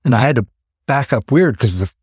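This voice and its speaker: Animated storytelling man in his fifties. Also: mid-range voice, fairly quick, slightly rough, dry recording, studio quality. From Pennsylvania. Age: 50s. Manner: animated, acts out his own thoughts in exclaimed asides. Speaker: podcast host. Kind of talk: casual storytelling chat.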